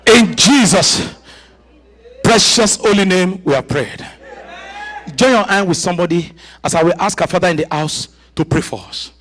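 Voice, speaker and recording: A man with a Nigerian accent, a guest pastor preaching a sermon in a church with laughter and shouted prayer. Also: high-pitched, normal speed.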